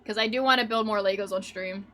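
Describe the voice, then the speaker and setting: Chatting with her viewers in a loose, rambling way, this young streamer laughs a lot between thoughts. She talks fast in a mid-range voice that's a bit bright.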